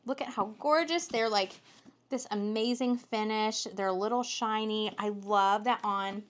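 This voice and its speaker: A woman's voice: mid-range voice, a little slow. A young woman co-hosting a book haul video, chatting casually and bubbly, with lots of "like" and the odd swear word. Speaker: booktuber co-host. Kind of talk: casual chat.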